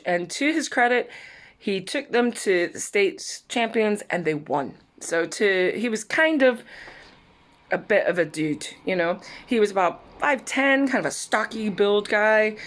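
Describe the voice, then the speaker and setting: A woman's voice: mid-range voice, fairly bright tone. A middle-aged woman from Saint Louis chatting casually in her vlog, rambling and often laughing. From Saint Louis, USA. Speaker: vlogger. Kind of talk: casual chat.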